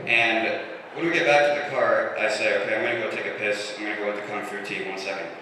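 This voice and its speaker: A young man in his twenties doing a deadpan stand-up set, slipping into voices for the people he quotes. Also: lowish voice, quick pace, far from the mic. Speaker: stand-up comedian. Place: comedy club stage. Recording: roomy live club recording with room noise. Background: audience laughter.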